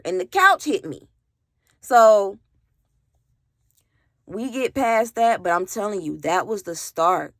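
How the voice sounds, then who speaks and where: A woman's voice: mid-range voice, a bit bright, dry recording, clean studio sound. Emphatic woman telling a storytime to camera. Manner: emphatic, repeats "literally", swears freely; addresses viewers directly. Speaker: vlogger. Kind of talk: casual storytime monologue.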